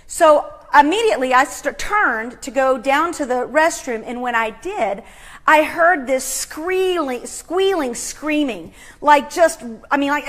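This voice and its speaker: High-voiced woman telling a dramatic story. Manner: dramatic, swings from hushed to loud. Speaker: host. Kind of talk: motivational storytelling.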